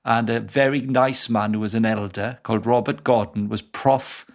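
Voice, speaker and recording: A middle-aged Welshman from Wales, appearing as a guest evangelist in a casual interview, tells stories in a low voice at a moderate pace. He's a lively storyteller and laughs often.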